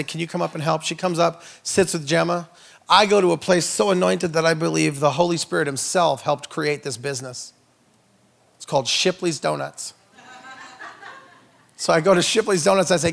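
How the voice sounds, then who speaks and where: A man's voice: on the high side, gravelly, a bit bright. A man, an itinerant minister giving a humorous testimony sermon, telling a story with jokey asides to the audience. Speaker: itinerant minister, guest speaker.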